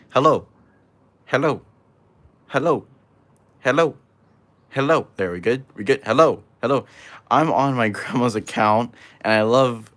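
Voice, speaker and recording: A man's voice: lowish voice, fairly bright tone, clear, resonant tone. A man hosting a casual livestream, rambling and joking as he reads chat aloud while building. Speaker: livestream host.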